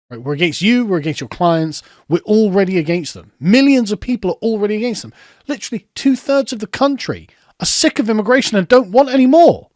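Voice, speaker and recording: A man's voice: sits high, no room sound, clean studio sound. A man, ranting in heated, sarcastic political commentary.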